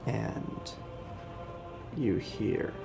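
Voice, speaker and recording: A man narrating as game master of a tabletop game, in slow, measured narration. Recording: music bed behind.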